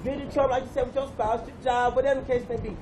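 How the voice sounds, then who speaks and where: A man's voice: very high-pitched, fairly even intonation, racing, background noise. A man with a St. Louis accent, a protester speaking loosely and leading call-and-response chants at an outdoor rally. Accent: St. Louis, Missouri. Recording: outdoor recording over a crowd.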